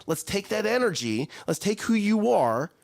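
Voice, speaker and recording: A lively man in his thirties talks like a coach on a casual morning show. His pitch rises and falls a lot, and he doubles back on his words as he makes his point. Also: moderate pace. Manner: animated, repeats words, coaching tone. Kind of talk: casual chat.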